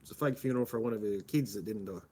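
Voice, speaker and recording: On the low side and mellow, this man's voice is racing as he livestreams from Melbourne in an Australian accent. He rambles casually, replies to his chat and drops "mate" a lot.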